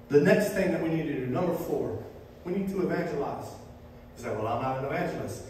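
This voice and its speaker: A man from Florida preaches a sermon in a church, with a fairly high voice. He tells stories in a loose, conversational way with touches of humor. The sound is heavily echoey and comes from some distance off the mic. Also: lively intonation, brisk, a little mellow. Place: church sanctuary. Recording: echoey hall, voice far from mic, faint noise.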